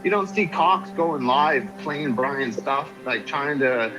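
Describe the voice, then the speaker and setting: A man's voice: mid-range voice, animated, slow pace, music in the background, rough recording. A man ranting casually on a livestream, swearing and griping about online rivals. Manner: ranting, profane, conversational.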